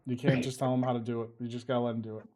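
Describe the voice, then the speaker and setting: Laid-back podcast co-host, mid-pitched. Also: male voice, flat delivery, racing, a little mellow. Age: middle-aged. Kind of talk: casual chat.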